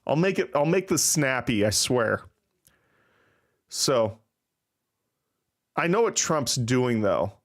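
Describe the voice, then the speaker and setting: A man's voice: medium pitch, very animated, slow, pauses often. A man hosting a casual livestream, rambling and self-deprecating with plenty of swearing. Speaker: livestream host. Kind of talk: casual live-stream chat.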